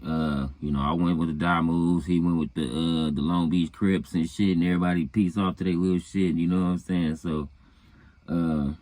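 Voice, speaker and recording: Easygoing male storyteller, very low voice, loose and profane, chuckling as he goes. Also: steady tone, normal speed, a little mellow, dry recording. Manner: laid-back, profane, peppered with "you know what I'm saying"; chuckles between phrases. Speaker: storyteller recounting his own past. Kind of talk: casual storytelling.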